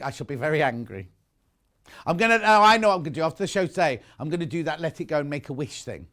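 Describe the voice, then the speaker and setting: A man hosting a live shopping channel, talking in a lively, bantering way. His voice sits a little high for a man and swings widely up and down as he jokes with the crew. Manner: chatty, bantering, chuckling asides.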